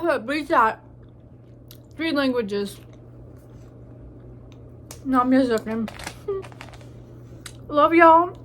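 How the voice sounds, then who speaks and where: A young woman talks slowly in a high voice, chatting crudely and joking as she eats on camera at home. Her nose sounds stuffy from allergies, and a faint hum of room noise sits under her voice. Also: lively intonation, sharp tone. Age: young adult. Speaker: vlogger. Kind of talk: casual mukbang chat.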